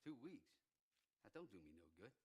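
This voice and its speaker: A man's voice: lowish voice, big pitch swings, normal speed, darkish tone, slight background noise. An actor in a film playing a vain, fussy grown man who speaks with wordy indignation. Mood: indignant.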